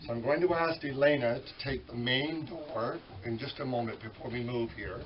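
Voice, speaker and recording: A man's voice: medium pitch, normal speed, a little hiss or hum. Man emceeing a library dedication, distant. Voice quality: weak voice. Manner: folksy, chatty, self-correcting. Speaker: master of ceremonies. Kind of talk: public ceremony announcements. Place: library at a public dedication event. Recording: distant, dull event recording with crowd.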